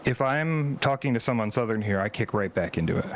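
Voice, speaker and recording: A man's voice: on the low side, lively intonation. Hesitant man co-hosting with faint background hiss. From Alabama, US South. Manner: hesitant, filler-heavy, unhurried. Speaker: co-host. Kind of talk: casual chat.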